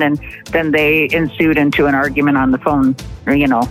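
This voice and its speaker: A woman being interviewed, recalling events in a halting, emotional way with many pauses and restarts. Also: low voice, fairly even intonation, soft background music, rough recording. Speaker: interviewee, partner of the accused. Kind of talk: emotional first-person recollection.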